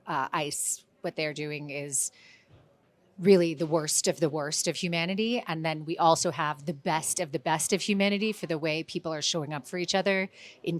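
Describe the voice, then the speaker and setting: A woman giving an emotional, earnest statement to reporters at a film festival, halting as she speaks. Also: sits low. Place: public event, film festival. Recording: archive clip with loud crowd behind. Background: loud crowd noise.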